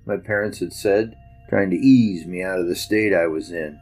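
A man narrating a story with a measured, reflective telling. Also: deep voice, a little mellow, soft background music, rough recording.

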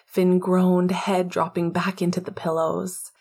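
A woman narrating an audiobook in a hushed, intimate way, often half-whispering. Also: lowish voice, little pitch movement, measured pace.

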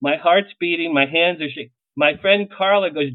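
A middle-aged man, a publicist, telling lively anecdotes in an interview and acting out the lines he quotes. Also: on the high side, a little fast, few pauses, no echo. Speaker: publicist guest. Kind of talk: storytelling interview. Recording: tinny phone-like line, dry.

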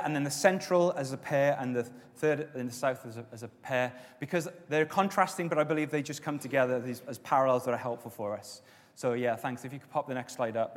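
A man preaching a sermon as pastor, with stretches of loud, emphatic exhortation and softer prayer. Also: medium pitch. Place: church auditorium. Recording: long reverb of a church hall.

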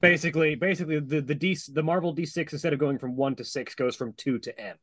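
A man's voice: on the high side, fast, fairly bright tone, dry recording, studio quality. A man playing a tabletop game, explaining how the dice work. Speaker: player. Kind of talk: casual chat during tabletop game.

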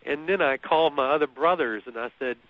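A man telling a personal story in an easy conversational way. He is animated, often repeats words and laughs at his own story. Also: fairly high pitch, a little fast. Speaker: guest. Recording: muffled lo-fi radio recording.

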